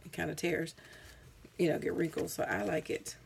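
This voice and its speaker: A woman with a lowish, creaky voice talks flatly at a moderate pace against slight background noise. It's a rambling show-and-tell of her crafts, filmed at home on a camera mic, and she's tired, correcting herself through many ums.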